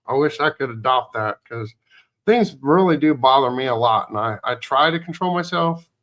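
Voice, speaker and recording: A man's voice: mid-range voice, animated, a bit bright. A man in casual chat who reminisces fondly and often restarts his sentences. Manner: halting, fond reminiscing with many restarts.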